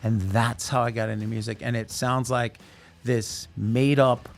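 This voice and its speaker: A man in casual conversation, recounting his start in music with lively energy. He slips into the voices of the people in his stories and laughs easily, his pitch sitting in a middle register. Faint music plays underneath. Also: measured pace, creaky. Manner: animated, acts out voices in his anecdotes. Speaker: musician telling his story. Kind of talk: casual storytelling chat.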